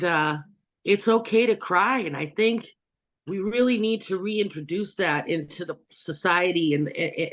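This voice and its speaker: Earnest rambling woman host on video call. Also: fairly low pitch. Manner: earnest, rambling with many restarts and fillers. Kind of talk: casual interview chat.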